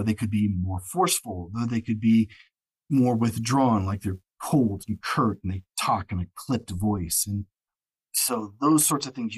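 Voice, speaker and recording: A man's voice: mid-range voice, breathy edge, low-quality recording. A man who narrates audiobooks, talking as a guest in a casual, rambling way full of fillers. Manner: rambling, filler-heavy, restarts often. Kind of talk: casual podcast chat.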